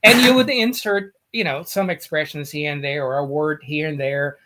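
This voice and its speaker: A man's voice: fairly high pitch, moderate pace, sharp tone. A man co-hosting a casual film chat, speaking emphatically and often repeating words while he searches for them. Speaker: podcast co-host.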